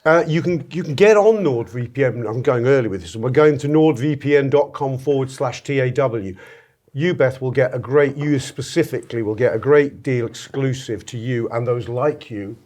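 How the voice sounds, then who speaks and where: A man's voice: medium pitch, moderate pace, a little mellow. Playful man hosting a football podcast. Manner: playful, jokey, laughs while reading an ad. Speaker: podcast host. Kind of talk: casual football podcast chat.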